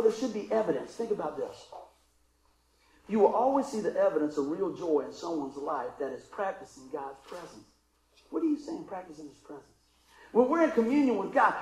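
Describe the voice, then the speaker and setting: A middle-aged pastor with a high-sitting voice preaches in a roomy space, captured in a rough recording. Folksy and playful, he tells a funny story, acts out its voices, and calls for responses from the congregation.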